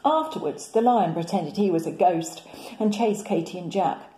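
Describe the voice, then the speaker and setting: A woman, a primary school teacher, reading a picture book aloud in a gentle, expressive storytelling manner. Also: lowish voice, normal speed, roomy sound, rough recording.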